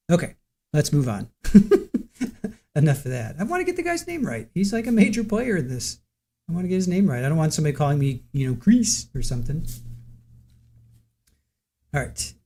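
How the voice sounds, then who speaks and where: A man's voice: a little high, mellow. Casual man rambling over a trial stream. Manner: rambling, repeats a name to practice it. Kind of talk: casual live-stream commentary.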